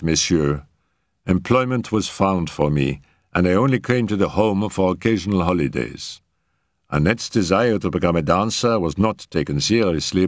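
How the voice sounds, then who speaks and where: A man with a very deep voice narrates a first-person story, and his pitch rises and falls in a lively way. The delivery is expressive and varied. The recording is close and dry. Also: no echo. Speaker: audiobook narrator.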